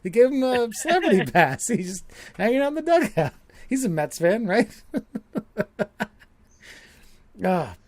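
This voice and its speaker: A man's voice: high-pitched, very animated, unhurried, long pauses, a little mellow, dry recording. A man co-hosting a podcast, rambling with many restarts and laughing often in casual chat. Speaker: podcast co-host.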